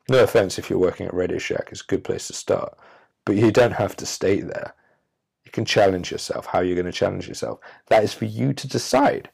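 Deep, gravelly man giving a self-help monologue. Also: a little mellow. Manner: emphatic, drawn-out pauses, preachy. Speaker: podcast host. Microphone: audio-only recording.

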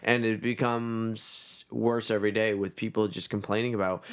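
A man's voice: fairly low pitch, little pitch movement, moderate pace, hardly any pauses, smooth. A man co-hosting a podcast in casual chat, swearing freely and restarting often. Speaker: podcast co-host.

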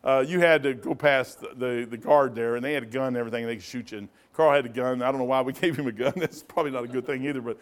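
A man teaching a Bible study in a rambling sermon style, animated, often laughing and digressing, with sudden loud bursts. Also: medium pitch, racing, few pauses.

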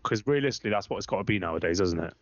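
A low-pitched football fan co-hosting a podcast rants bluntly, very fast and with lively intonation, swearing constantly in heated casual chat. The recording is dry, slightly muffled, and lo-fi.

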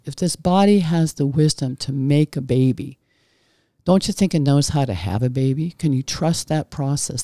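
A middle-aged woman, a former midwife, hosts a podcast and shares stories from her working life. Her voice is warm and low-key with a gravelly edge, and she often loops back and restarts her sentences. The sound is dry, with no room echo. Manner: meandering, frequent restarts and self-corrections; gentle, folksy and reassuring. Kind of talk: casual podcast monologue with anecdotes.

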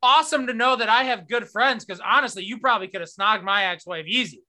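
A man hosting a casual podcast, telling stories with lots of profanity and animated retellings. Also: high-pitched, fast. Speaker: podcast host. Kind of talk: casual sports podcast chat.

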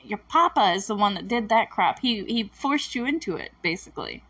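Breathy husky woman chatting thru a tv recap, lots of likes and restarts. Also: mid-range voice, lively intonation, fairly quick, a bit bright. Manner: chatty and emotional, many fillers and self-corrections. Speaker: TV episode recapper. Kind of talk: casual recap commentary.

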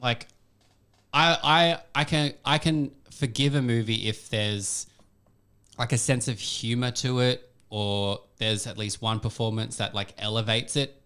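A man's voice: medium pitch, unhurried, fairly bright tone, smooth. A man co-hosting a casual movie review podcast, blunt and exasperated, swearing freely. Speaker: podcast co-host.

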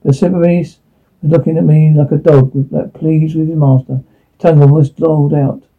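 Gravelly man on a tinny line. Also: on the high side, level tone, normal speed. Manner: rueful, self-deprecating. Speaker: narrator. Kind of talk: first-person storytelling.

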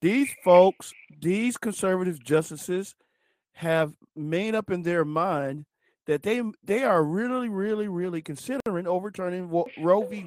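Podcast host guy talking right to the folks listening, fairly high voice. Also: no echo. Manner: addresses listeners directly as folks. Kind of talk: political podcast talk.

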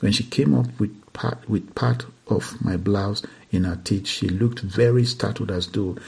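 A man reading a first-person account aloud, in a steady, earnest manner with occasional slips. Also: lowish voice, unhurried, vocal fry, breathy edge. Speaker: reader.

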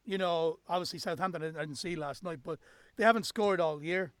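Man, football podcast host, relaxed casual chat, high voice, dry close sound. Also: brisk, no room sound. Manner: relaxed, fillers, wraps up the show.

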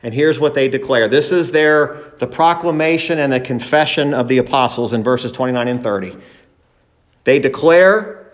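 A man's voice: mid-range voice, moderate pace. A man preaching a sermon as pastor, emphatic, acting out the disciples' words in a raised voice.

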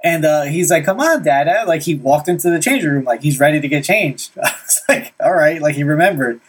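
A man's voice: a little high, brisk, slightly rough. A young man telling a story about his son in casual, rambling talk, full of "like" and "right?". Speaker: vlogger dad.

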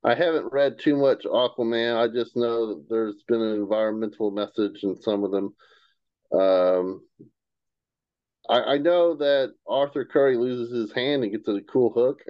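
A man's voice: mid-range voice, steady tone, measured pace, no echo. A man with a mid-range voice sums up movie plots with wry, dry humor. His voice comes through a dull, lo-fi mic in a dry, dead space. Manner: wry, dry jokes, summarizing. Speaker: podcast co-host. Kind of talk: casual movie review chat.

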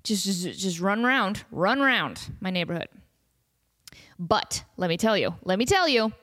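Animated, rambling woman podcaster. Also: mid-range voice, moderate pace. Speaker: podcast host. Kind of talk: casual podcast monologue.

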